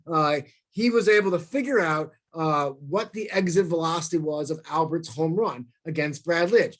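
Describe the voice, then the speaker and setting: A man from St. Louis giving a storytelling talk, animated and self-deprecating, acting out quoted lines in bursts. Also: a little high, moderate pace. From St. Louis, USA.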